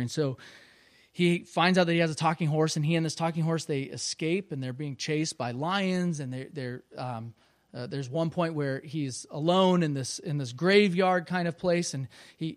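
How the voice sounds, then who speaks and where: A man's voice: a little high, no room sound, studio quality. A man preaching a sermon as pastor, earnest and storytelling. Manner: earnest, storytelling, with restarts and fillers.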